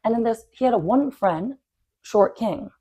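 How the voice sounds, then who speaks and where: A young woman co-hosting a podcast, telling a story in a casual, animated way, packed with fillers and swearing. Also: fairly high pitch, normal speed, husky. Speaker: podcast co-host.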